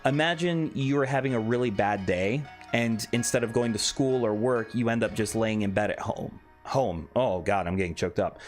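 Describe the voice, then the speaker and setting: A young man casually chatting on a live stream, reading chat aloud with a joking, candid manner. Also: medium pitch. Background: faint background music.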